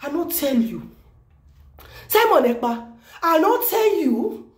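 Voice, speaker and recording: A Nigerian woman vlogging news commentary in an excited, exclamatory way, repeating phrases for emphasis. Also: high-pitched, takes it slowly, echoey room. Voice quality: animated, exclamatory, repeats herself.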